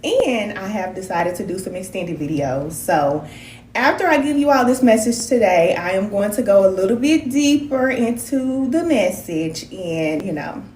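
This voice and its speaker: A woman, a spiritual wellness practitioner hosting a casual live stream, talking in a folksy, animated way and calling her viewers cousins. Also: mid-range voice, moderate pace, reverberant, a little hiss or hum.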